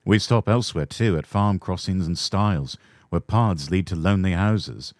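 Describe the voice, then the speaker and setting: A man with an English accent giving a calm, soothing ASMR storybook reading. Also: low voice, moderate pace, no room sound, clean studio sound.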